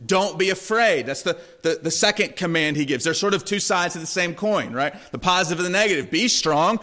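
A man preaching a sermon in a conversational way, often checking in with listeners and softening his voice for quoted words. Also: sits high, fairly quick, hardly any pauses. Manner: conversational, asks the congregation "right?" often. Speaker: pastor.

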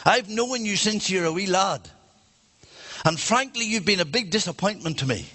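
A man's voice: high voice, lively intonation, moderate pace, bright, forceful tone, in a large hall, voice pushed up, full character voice. A man voicing a blunt scolding old grandmother. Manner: scolding, outspoken. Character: blunt elderly grandmotherly woman witness. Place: church.

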